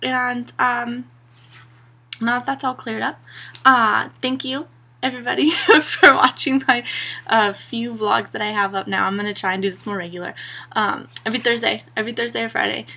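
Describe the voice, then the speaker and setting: A young woman vlogger talks straight to her camera in a sarcastic, exasperated rant, peppered with "like" and "you know". Her voice is bright and slightly husky, a little higher than average. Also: fairly even intonation, moderate pace. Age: young adult.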